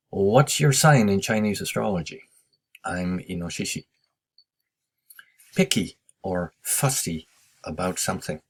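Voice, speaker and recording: Man, deep voice, gravelly, husky, slow patient teacher, explains class notes. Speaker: English teacher. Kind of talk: recorded lesson review.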